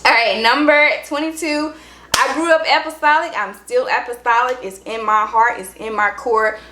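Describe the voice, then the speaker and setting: A woman's voice: fairly high pitch, fairly even intonation, normal speed, bright, forceful tone, slight background noise. A young woman, chatting upbeat and directly to her viewers in a casual vlog. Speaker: vlogger. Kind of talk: casual chat to camera. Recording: roomy room echo.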